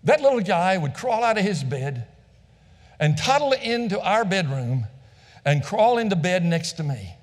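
A male pastor preaching and telling a story from the pulpit, his fairly high voice swinging up and down as he acts out each exchange. He repeats phrases for effect, and his words ring out with the long reverb of a large hall. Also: very animated, a little slow. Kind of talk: storytelling sermon.

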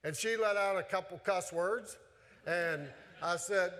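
A man's voice: high voice, slow, long pauses, pushed and bright, a little hiss or hum. A male pastor preaching a sermon in a church, talking in a conversational, folksy way with many repetitions. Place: church sanctuary. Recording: long hall reverb.

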